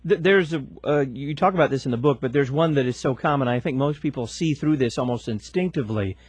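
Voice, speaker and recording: A man hosts a radio talk show, running through upcoming segments and putting questions to his guest in a smooth, practiced announcer's manner. His voice has a slightly husky edge, and the sound is close and dry. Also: medium pitch, quick pace, no room sound.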